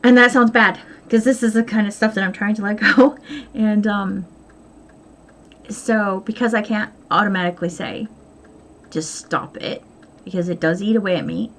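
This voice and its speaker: A woman's voice: mid-range voice, steady tone, normal speed. A middle-aged woman chatting candidly to camera in her home sewing room, rambling and poking fun at herself. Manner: candid, rambling, self-deprecating. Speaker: vlogger. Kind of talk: casual chat.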